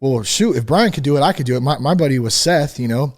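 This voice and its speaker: A man's voice: medium pitch, lively intonation, fast. A man hosting a podcast, chatting casually and affirming his guest, relating it to his own story. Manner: affirming, frequent "yeah", relatable. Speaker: podcast host. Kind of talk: casual interview chat.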